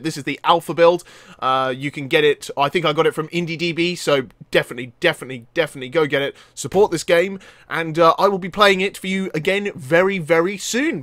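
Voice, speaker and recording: A young man giving live gameplay commentary, excitable and yelping and laughing as things go wrong. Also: a little high, dry recording. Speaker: gaming channel host.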